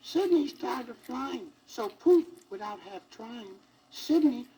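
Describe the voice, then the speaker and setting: A man voicing a sweet little old lady elephant fairy godmother, squeaky and very high, chanting rhyming spells, on a crackly 1960s vinyl record. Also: lively intonation, takes it slowly, full character voice. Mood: fussing. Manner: sing-song rhyming spells.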